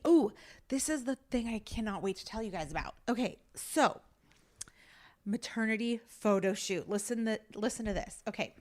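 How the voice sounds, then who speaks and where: A pregnant woman in her thirties hosting a casual solo podcast, chatting candidly with lots of filler words and sounding a little out of breath. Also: medium pitch. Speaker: podcast host.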